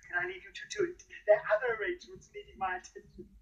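An actress playing a fussy, excitable woman sculptor in a children's TV comedy, heard from a distance. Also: extremely high pitch, very fast, vocal fry, muffled recording, a little hiss or hum. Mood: excited. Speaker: sculptor at a country estate.

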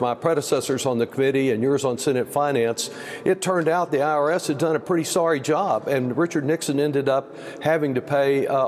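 A man's voice: mid-range voice, a little mellow. A man from Texas, a congressman, answering a news interview in a pointed, emphatic way with many fillers. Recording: long reverb, faint background noise.

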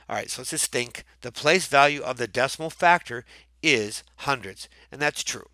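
Brief: male math teacher, patient step-by-step talk, mid pitch. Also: sing-song, moderate pace, sharp tone, no echo. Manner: patient, thinking aloud step by step. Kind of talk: screen-recorded math lesson.

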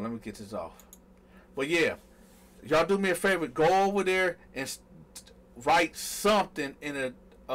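Guy running a live roll call, kinda high voice, loose and chatty, tripping over names. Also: a bit bright. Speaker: livestream host.

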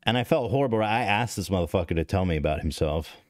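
Man, very deep voice, close dry studio sound, casual rambling storytelling, swears a lot. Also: animated, fast talker, no room sound. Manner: rambling, profane, self-deprecating, with frequent restarts. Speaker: podcast host. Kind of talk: casual storytelling to stream chat.

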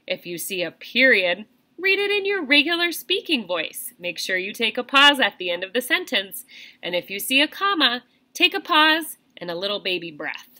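A young woman teacher explaining reading to small children in an animated, sing-song classroom voice. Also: mid-range voice, normal speed.

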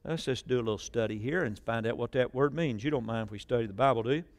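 A middle-aged man, preaching a sermon, jumping between loud shouted lines and quiet asides, and calling on the congregation to repeat phrases. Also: mid-range voice, quick pace. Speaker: pastor. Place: church.

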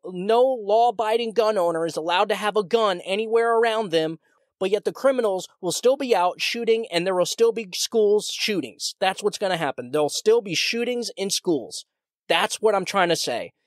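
A man's voice: high voice, animated, normal speed, no room sound, clean studio sound. A man hosting his own podcast, talking in a heated, ranting way with many restarts and repeated words. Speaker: podcast host. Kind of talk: solo political commentary podcast.

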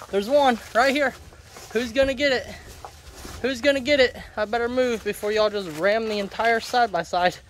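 A man's voice: extremely high pitch, a little hiss or hum. Chatty man talking to his farm animals. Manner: chatty, scolds and coaxes animals by name. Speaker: homestead vlogger. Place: outdoors on a farm.

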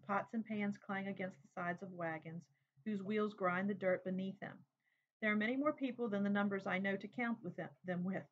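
A woman reading a memoir aloud in a steady, plain, unhurried way. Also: mid-range voice. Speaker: reader. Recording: dull lo-fi recording.

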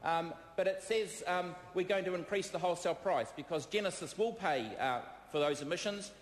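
A man with a New Zealand accent giving a parliamentary debate speech, combative and halting, with many fillers, repeated phrases and replies to hecklers. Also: high-pitched. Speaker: member of parliament. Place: debating chamber. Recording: echoey chamber with long reverb.

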